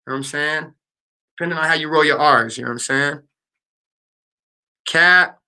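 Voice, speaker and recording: A man's voice: fairly high pitch, normal speed, bright, forceful tone, smooth. A man hosting a live stream, chatting casually and playfully with his viewers in slangy talk. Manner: playful, slangy, talks to the chat. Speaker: livestream host.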